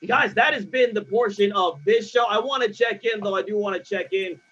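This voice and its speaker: High-voiced man hosting a comedy stream. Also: fairly quick, a bit bright, dull audio. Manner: hyped, playful banter with performers. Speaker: comedy show host. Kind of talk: hosting a livestreamed comedy show. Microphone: video call.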